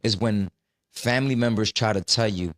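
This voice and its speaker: A man's voice: lowish voice, normal speed, a bit bright, no echo, studio quality. A man co-hosting a podcast, agreeable and blunt, swearing casually.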